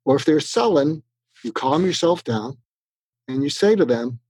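A man giving animated, practical advice in an interview, acting out both sides of sample conversations. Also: fairly high pitch, normal speed, slightly rough, no room sound. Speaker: guest expert.

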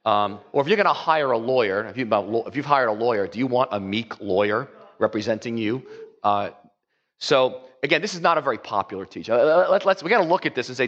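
A man's voice: lowish voice, a bit bright. Rambling pastor, man, dull recording. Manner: rambling, with many "you know" fillers and acted-out quotes. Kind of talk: conversational sermon.

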